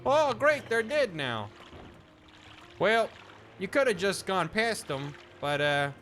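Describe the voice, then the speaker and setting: A man's voice: sits high, big pitch swings, slow pace, fairly bright tone, faint music behind. A man streaming a video game, making joking, sarcastic asides and swearing at the game. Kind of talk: casual gameplay commentary.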